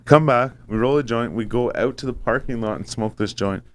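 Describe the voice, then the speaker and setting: A man at mid pitch tells a rambling story on a casual podcast, peppering it with swearing and putting on the voices of the people he describes. His delivery is loose and conversational. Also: fairly quick. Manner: profane, animated, acts out quoted voices. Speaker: podcast host.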